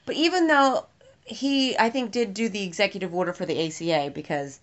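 A woman from the United States chatting casually, animated, laughing often and swearing freely. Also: mid-range voice, fairly quick. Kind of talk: casual political chat. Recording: dull lo-fi recording.

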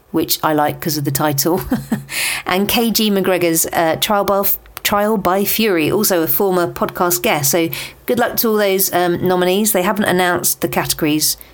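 A woman's voice: fairly low pitch, moderate pace. A British woman hosting a podcast, reading a book chart roundup in a chatty way with asides and fillers. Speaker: podcast host.

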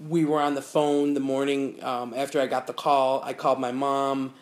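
A woman's voice: a bass voice, little pitch movement, normal speed. A woman in casual chat, telling a funny story with lots of energy, acting out the people she quotes and laughing as she goes. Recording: roomy echo with faint ambience.

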